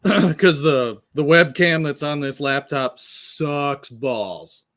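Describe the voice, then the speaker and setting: A man's voice: fairly high pitch, takes it slowly, a bit bright. A man chatting casually as a podcast co-host, laid-back and wry, swearing casually. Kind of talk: casual chat.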